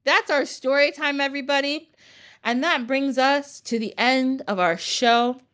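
A woman hosting a podcast, telling a story in a casual, animated way, laughing and swearing casually. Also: sits high, a little slow. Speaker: podcast host.

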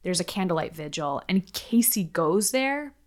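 A woman's voice: fairly low pitch, lively intonation, normal speed. A woman co-hosting a podcast, recounting a true-crime case in a casual, chatty way with lots of filler words and the odd swear. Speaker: podcast co-host.

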